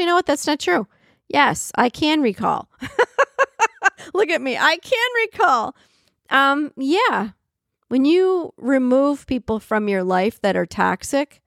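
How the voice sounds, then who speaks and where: A middle-aged woman hosts her podcast solo, her voice carrying a steady gravelly fry. She talks in a candid, chatty flow and laughs easily. The sound is close and dry, with no room around her. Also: no echo. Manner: chatty and candid, laughs often, swoops up in pitch for emphasis. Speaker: podcast host. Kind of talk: reflective solo podcast monologue.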